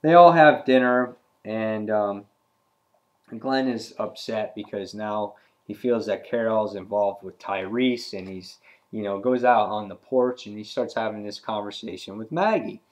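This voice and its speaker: A man's voice: lowish voice, unhurried. A man casually reviewing a comic book, rambling with frequent fillers and restarts.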